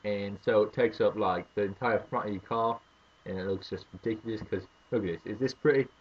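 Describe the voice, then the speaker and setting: An American man putting on an exaggerated fake English accent, loud and theatrical, in a comedy home vlog. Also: fairly low pitch, fairly even intonation, brisk, husky, dull audio. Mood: mocking. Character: American man faking a hammy English gent.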